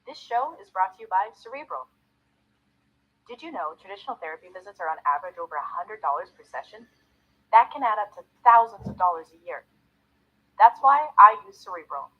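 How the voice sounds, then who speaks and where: A woman podcast host reads a sponsor ad in an upbeat, polished way. Her voice is husky at mid pitch. The delivery is smooth and steady. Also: a little fast, lo-fi sound. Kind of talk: read sponsor ad.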